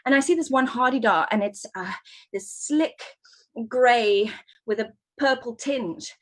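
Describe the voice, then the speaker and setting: A woman on a video call playing a scatterbrained, excitable woman who is failing her bird science course, rambling and flustered in an improvised comedy scene. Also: a little high, measured pace. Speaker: improv performer. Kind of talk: improvised first-person storytelling.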